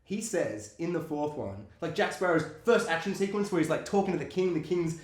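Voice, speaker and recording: A man co-hosting a casual movie chat, animated and laughing often as he acts out scenes. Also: a little high, brisk. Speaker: podcast co-host. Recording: roomy echo.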